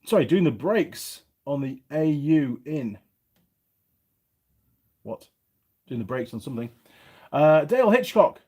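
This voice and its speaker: Reading out viewer comments during a relaxed livestream, the middle-aged English host of a YouTube mechanic channel speaks with a somewhat faded Yorkshire accent. His voice is slightly high, mellow and husky, with a sing-song lilt, a slightly slow pace and frequent pauses.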